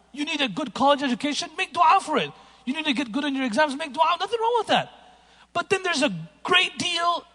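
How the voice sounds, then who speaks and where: High-voiced man preaching in a reverberant hall. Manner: storytelling, shifts between hushed and emphatic. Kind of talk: sermon.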